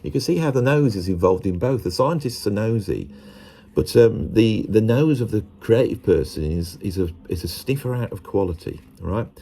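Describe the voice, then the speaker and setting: Male host, low mellow gravelly voice, rambling self-mocking monologue. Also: animated, normal speed. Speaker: musician talking to camera. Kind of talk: casual monologue to camera.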